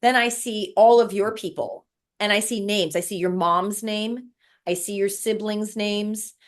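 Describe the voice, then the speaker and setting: A woman's voice: mid-range voice, steady tone, measured pace. A woman guest telling an emotional spiritual story in casual conversation, repeating words as she recounts it. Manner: emotional, repetitive, breathless recounting.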